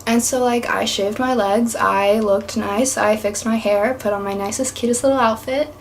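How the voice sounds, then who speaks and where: A woman's voice: on the high side, steady tone, normal speed, slight background noise. A young woman from East Tennessee telling a rambling, chatty story to camera, peppered with "like". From East Tennessee, USA. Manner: chatty, rambling, heavy use of "like". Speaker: vlogger.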